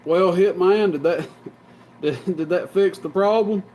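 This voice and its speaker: Guy from tennessee, friendly cb radio chatter, a bit higher voice, faint hiss behind him. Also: a little slow. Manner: easygoing, friendly radio sign-offs. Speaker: CB radio operator greeting callers. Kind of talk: casual on-air radio chat.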